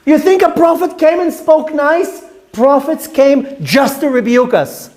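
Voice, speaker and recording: A man preaching as a rabbi, fiery and rebuking, repeating words for emphasis and swinging between shouts and hushed tones. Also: very high voice, unhurried. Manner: repeats words for emphasis, asks rhetorical questions. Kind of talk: impassioned sermon.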